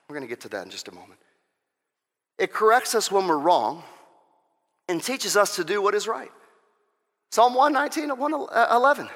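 A man preaches an impassioned sermon, swinging between shouted exhortations and quieter teaching while firing off repeated rhetorical questions. His high voice is very animated, at a moderate pace with frequent pauses. A long hall reverb surrounds the recording.

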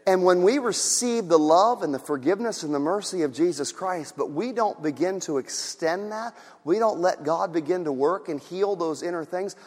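Preaching as a pastor, this man has a high-sitting voice with the sound of a big room around it. His delivery shifts from gentle, quiet talk to shouting, and he performs the voices of people in his stories.

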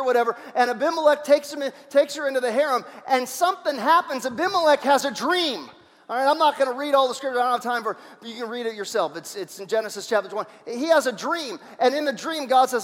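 A man preaching a sermon as pastor, animated, putting questions to the congregation and often restarting his sentences. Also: extremely high pitch, fast. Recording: long hall reverb.

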